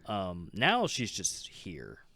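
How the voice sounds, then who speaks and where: Male podcast co-host, very low voice, easygoing and hesitant delivery. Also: takes it slowly, vocal fry, no echo. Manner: relaxed, hesitant, many fillers. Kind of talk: casual chat.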